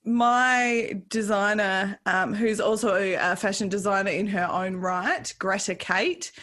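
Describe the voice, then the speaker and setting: A woman with an Australian accent hosting a podcast in casual chat, loud, laughing and swearing freely. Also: medium pitch, steady tone, takes it slowly. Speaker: podcast host.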